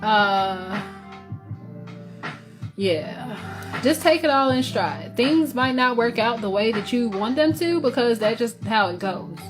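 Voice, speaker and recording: Southern woman, slightly high voice, casual tarot reader, rambling with fillers, music under the voice. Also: animated, slow pace. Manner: loose, conversational, many fillers and restarts.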